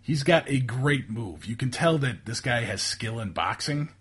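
A man narrates a tabletop role-playing session as its game master, stumbling through fillers and repeated words. His pitch moves a lot as he goes. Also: animated, moderate pace, fairly bright tone, breathy edge. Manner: hesitant, many fillers and restarts.

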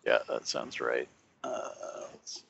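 A man's voice: a little slow, a bit bright. A man playing a tabletop game, chatty and a little hesitant as he says what his character does, in a slightly muffled recording. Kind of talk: casual game talk.

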